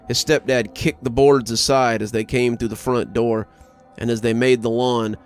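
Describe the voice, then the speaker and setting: A man reading a horror story aloud in dramatic scripted narration, building tension toward sharp exclamations. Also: mid-range voice. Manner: dramatic, rising to tense exclamations. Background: faint background music.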